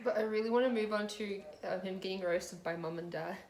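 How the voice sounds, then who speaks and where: A woman hosting, quiet, giggly and teasing her co-host. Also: medium pitch, fairly quick, a little hiss or hum. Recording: echoey room.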